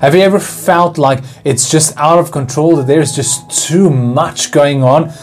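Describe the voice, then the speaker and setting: A man's voice: fairly high pitch, measured pace, faint music behind. A man giving a devotional sermon in an earnest, pleading way, asking rhetorical questions. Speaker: devotional speaker.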